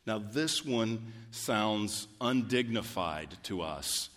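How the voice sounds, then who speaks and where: This preacher's voice is on the low side, with lively intonation and a fairly bright tone. He reads scripture aloud in a reverberant hall, starting deliberately and swelling into fervent emphasis.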